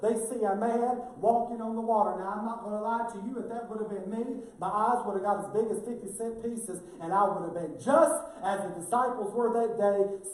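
A male pastor preaching a sermon in a folksy, emphatic way that builds toward fervor. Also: extremely high pitch. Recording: very echoey, mic far off.

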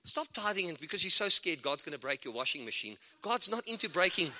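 Excitable preacher in a reverberant hall. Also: male voice, high-pitched, brisk, hardly any pauses. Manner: animated, excitable preaching with asides and laughs. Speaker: guest preacher. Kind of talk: sermon.

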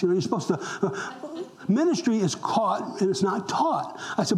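Older pastor guy with a high voice, chatty sermon, keeps quizzing the congregation. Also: expressive, fast, a little mellow, poor audio. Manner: conversational, asks the congregation questions.

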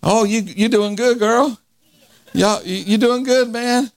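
A man voicing a sassy older woman who teases about age, in a high squeaky put-on voice. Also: slow pace, exaggerated voice. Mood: teasing.

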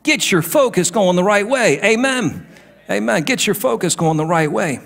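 Animated, high-voiced preaching pastor. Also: male voice, normal speed, creaky. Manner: animated preaching, swings between hushed and emphatic. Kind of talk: sermon.

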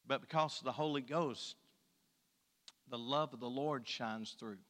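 A man's voice: mid-range voice, a little slow, a bit bright, big-room sound. A man preaching a sermon in a church, talking in a folksy, colloquial way. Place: church sanctuary.

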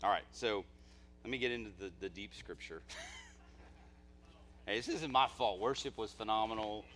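A man's voice: normal speed, slight background noise. Impassioned man preaching a live sermon. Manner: impassioned, swings from low asides to near-shouting. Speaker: pastor. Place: church service.

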